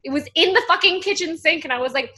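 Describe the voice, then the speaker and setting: A young woman chats on a podcast with a friend, her voice high and bright. She swears freely and tells stories with animated energy, now and then switching into Indonesian. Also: quick pace. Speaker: podcast co-host. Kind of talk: casual chat.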